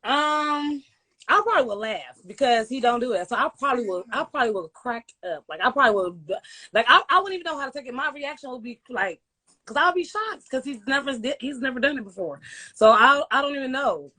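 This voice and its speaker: A woman with a high, very lively voice chats as a podcast guest. She is expressive, swinging up and down as she makes her point. Her talk is casual and full of quick asides. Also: husky.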